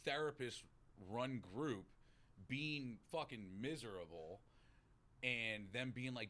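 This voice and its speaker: A podcast guest in recovery with a Boston accent tells his stories slowly in a mid-range voice. The chat is casual, and he swears freely while animatedly acting out what people said to him.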